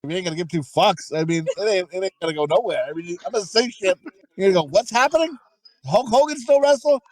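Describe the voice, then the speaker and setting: A man hosting a casual podcast, rambling excitedly and swearing freely. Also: high-pitched, quick pace, no room sound. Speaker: podcast host.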